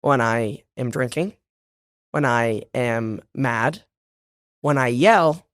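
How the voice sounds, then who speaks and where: In a relaxed interview chat, a young man from Boston, a stage actor appearing as a guest, talks with a slight Boston accent, laughing often and restarting sentences amid fillers. His medium-pitched voice is a bit bright and his pace slow. The recording is dry and studio quality.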